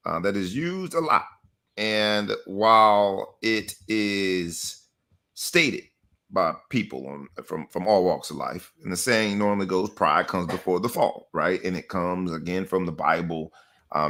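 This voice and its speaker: A man with a low yet bright, punchy voice hosts a sports talk podcast. He talks with rhythmic, hyped-up energy. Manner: energetic, rhythmic hype delivery. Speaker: podcast host.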